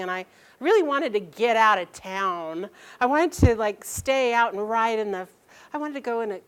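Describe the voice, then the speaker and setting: A woman telling a personal story aloud, halting and restarting sentences and acting out the people she quotes. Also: mid-range voice, smooth.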